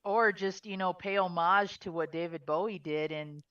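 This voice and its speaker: A man's voice: high voice, fairly even intonation, moderate pace, fairly bright tone, far from the mic. A man chats on a podcast and adds short quips. His voice comes through dull and lo-fi. He sounds away from the microphone. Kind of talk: casual chat.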